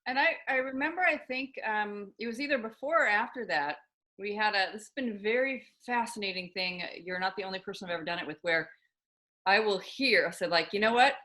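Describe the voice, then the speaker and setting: A woman with a bright voice hosts a casual podcast interview. She laughs along with her guest and answers in short, encouraging bits. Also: medium pitch, a little fast. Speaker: podcast host.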